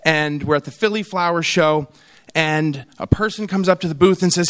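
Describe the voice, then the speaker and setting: Slightly high and fairly quick, a middle-aged man delivers a comic keynote at a conference. He animates his stories by acting out each person and their quoted lines.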